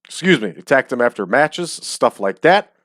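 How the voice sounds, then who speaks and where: A man's voice: medium pitch, sing-song, normal speed, fairly bright tone, no echo, studio quality. A man giving casual, chatty commentary while he plays a game, joking and using frequent ums. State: hiccups. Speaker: game streamer. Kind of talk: casual let's-play commentary. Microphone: desk microphone.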